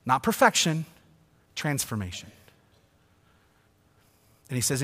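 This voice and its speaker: A man's voice: mid-range voice, moderate pace. Preaching man in a reverberant hall. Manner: swings from hushed to loud, emphatic. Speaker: pastor. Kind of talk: sermon. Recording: long reverb of a church hall.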